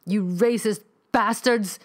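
A woman voicing a terrified older husband held captive in a horror story, shouting desperately. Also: deep voice, level tone, moderate pace, natural voice. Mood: panicked.

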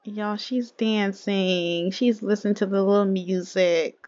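A woman's voice: medium pitch, steady tone, a little slow, a little mellow, lo-fi sound. A woman giving casual, chatty commentary over a life-simulation game, laughing often and talking straight to her viewers. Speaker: let's play host.

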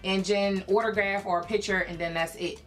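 A young woman from Philadelphia telling a personal story in a casual vlog, chatty and animated, full of fillers and acted-out quotes. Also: medium pitch, a little fast, soft background music. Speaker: YouTube creator.

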